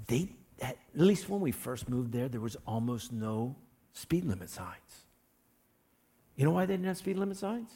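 A male pastor giving a conversational sermon, full of folksy everyday illustrations and joking asides, sometimes getting loud as he acts out scenes. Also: mid-range voice, gravelly, husky. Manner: loud bursts when acting out scenes.

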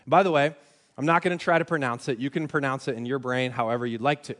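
A man's voice: medium pitch, steady tone, quick pace, fairly bright tone. A young man preaching a sermon in a conversational, self-deprecating way, with frequent restarts. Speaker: pastor.

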